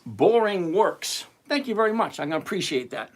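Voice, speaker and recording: Animated man hosting a trading livestream. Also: sits high, moderate pace. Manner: animated, teasing, emphatic with repetition. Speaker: livestream host answering chat questions. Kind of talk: casual livestream chat.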